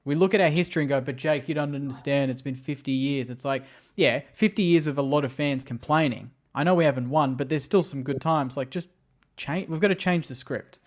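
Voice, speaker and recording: A man's voice: on the high side, a little fast. A man speaking as a podcast guest in casual chat, earnest and peppering his talk with "like.". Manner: chatty, lots of "like" fillers, earnest.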